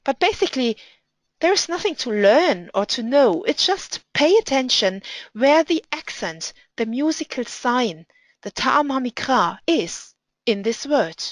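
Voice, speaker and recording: A woman's voice: high voice, very animated, dry recording, rough recording. Woman teaching Hebrew pronunciation, dry sound. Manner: patient, deliberate, reads Hebrew aloud slowly. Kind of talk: instructional explanation with reading examples.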